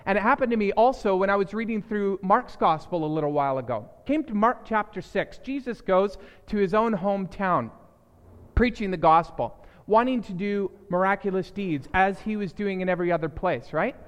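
With a high-sitting voice at normal speed, a man preaches as pastor, emphatic and repetitive with key phrases, alternating loud declarations with hushed asides. A long reverb tail follows his words.

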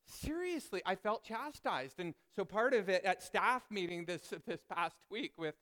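Pastor guy preaching, kinda high smooth voice, pokes fun at himself. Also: measured pace. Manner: self-deprecating storyteller, animated. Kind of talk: sermon with a personal story.

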